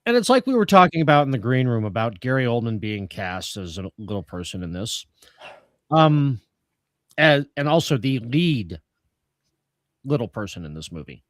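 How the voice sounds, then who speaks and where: A man's voice: mid-range voice, very animated, moderate pace, a bit bright, no echo, clean studio sound. A man co-hosting a casual film review chat with a sarcastic, wry manner. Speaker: podcast co-host.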